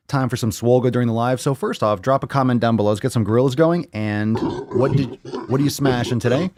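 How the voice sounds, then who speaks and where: A man's voice: medium pitch, moderate pace, pauses often, darkish tone, no room sound. A man hosting a live fitness Q&A stream from home, ranting in a blunt, fired-up, profane way. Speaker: fitness show host. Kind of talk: live Q&A stream, casual rant. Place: home on a video call.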